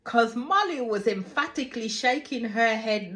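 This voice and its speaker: A reality TV reaction host reviews a TV show casually, talking animatedly, swearing freely, and often trailing off to restart her sentences. Her voice is lowish and her pace moderate.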